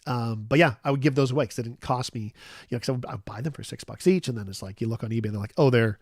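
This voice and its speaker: A man's voice: mid-range voice, rapid-fire, darkish tone, dry recording, studio quality. A man in his forties hosting a casual chat show, rambling through a personal story with lots of fillers and restarts. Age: 40s. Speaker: host.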